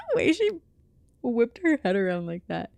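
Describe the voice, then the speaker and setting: A woman's voice: medium pitch, very animated, a little slow, gravelly, darkish tone, dry recording. A young woman streamer chatting casually and giggling as she plays a game and reacts to chat. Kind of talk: casual livestream chat while gaming.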